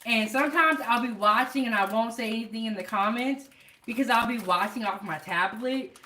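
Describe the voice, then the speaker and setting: A woman's voice: a little high, a little fast, bright, forceful tone. A woman hosting a live home cooking show, chatting casually to her viewers from her kitchen. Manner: chatty, talks straight to viewers.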